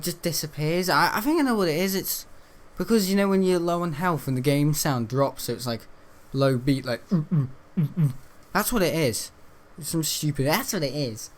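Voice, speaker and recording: A seventeen-year-old boy, rambling and grumbling through casual gameplay commentary. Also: on the high side. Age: teens. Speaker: gaming channel host.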